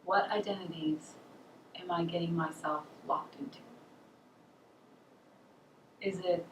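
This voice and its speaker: A woman's voice: on the low side, steady tone, slow pace, pauses often. A woman giving an earnest, encouraging self-help talk to camera, asking her listeners questions. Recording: roomy echo, mic set far off, faint hiss.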